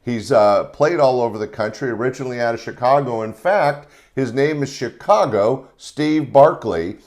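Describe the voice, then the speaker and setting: A man in his sixties hosts a casual podcast and introduces comedy clips with a showman's flair. He shifts between relaxed chat and upbeat, announcer-style introductions. His voice sits at a middle pitch. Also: moderate pace. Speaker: podcast host.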